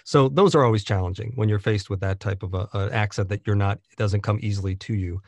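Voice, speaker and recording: A man talks shop about narrating audiobooks in a relaxed interview. His voice sits fairly low and sounds dry and close, with no room around it. He pauses and restarts often as he thinks aloud. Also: no echo. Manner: thoughtful, many restarts and fillers. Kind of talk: conversational interview.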